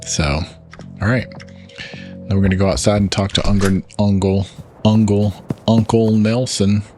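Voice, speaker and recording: A gaming channel host with a Southern US accent from Arkansas explains the game controls in a relaxed let's play. His voice is low, his speed normal, and soft music plays in the background.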